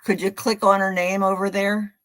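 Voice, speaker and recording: A woman's voice: mid-range voice, flat delivery, normal speed, a bit bright. A woman co-hosting a casual livestream who talks in a playful, giggly way and coaches her partner through the setup. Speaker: co-host of reading stream.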